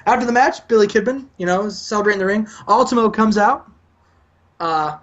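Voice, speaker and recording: A man's voice: sits high, brisk, fairly bright tone. A man hosting a gaming show, casually recapping matches in a chatty way, on a lo-fi recording. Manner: chatty, recaps events, acts out lines. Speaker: gaming channel host. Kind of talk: casual game commentary.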